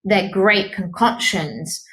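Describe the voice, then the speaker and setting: A woman psychologist co-hosting a podcast. She explains research findings in a steady, academic way, as if teaching. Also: medium pitch, slow, rough recording. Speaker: psychologist co-host. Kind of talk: podcast discussion.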